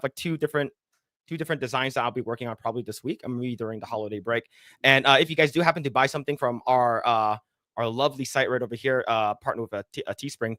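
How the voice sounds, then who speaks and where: A man's voice: mid-range voice, fairly bright tone, no echo, studio quality. Laid-back man hosting a podcast. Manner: laid-back, lots of fillers, reads sponsor plugs. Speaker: podcast host. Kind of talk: casual podcast chat.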